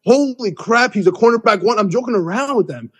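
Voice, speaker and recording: A young man hosting a podcast, telling an excited, rambling story with many restarts. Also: high-pitched, brisk, breathy edge. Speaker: podcast host. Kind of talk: excited casual recap.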